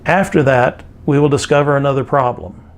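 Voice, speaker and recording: An older man with a Texan accent delivers a recorded lecture in a plainspoken, folksy way, his voice sitting at an ordinary middle pitch. He talks like an instructor sharing hard-won advice, with frequent fillers and restarts. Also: brisk.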